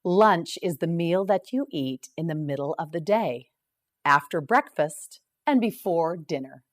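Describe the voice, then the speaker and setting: A woman teaching English vocabulary, reading each word slowly and clearly and asking the learner to repeat it. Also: on the low side, lively intonation. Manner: slow, clearly enunciated repetition. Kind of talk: slow scripted vocabulary drill.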